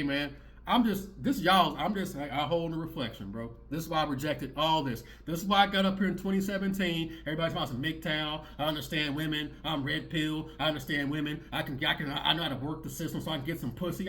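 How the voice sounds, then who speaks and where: Guy ranting on his channel, high bright voice, preachy and rambly. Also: quick pace. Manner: preachy, rambling, repeats himself. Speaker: channel host reacting to clips. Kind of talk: ranting commentary.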